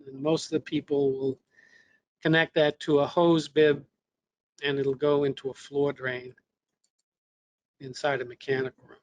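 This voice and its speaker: A man's voice: mid-range voice, flat delivery, measured pace, pauses often, dry recording, highs cut off. A man presenting a technical webinar lesson, explaining step by step with fillers and restarts, his voice a little worn. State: losing his voice.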